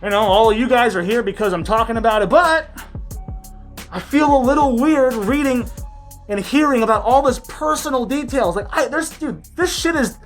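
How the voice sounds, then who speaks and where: A woman in a loud, profane, sarcastic commentary rant, her voice slightly muffled by a face mask. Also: on the high side. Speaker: commentary vlogger. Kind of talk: ranting commentary.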